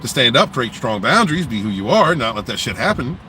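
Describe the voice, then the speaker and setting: A man's voice: medium pitch, sing-song, fairly quick, bright, forceful tone, a little hiss or hum, rough recording. Blunt, profane man ranting on a livestream. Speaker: livestream host. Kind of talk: casual livestream talk.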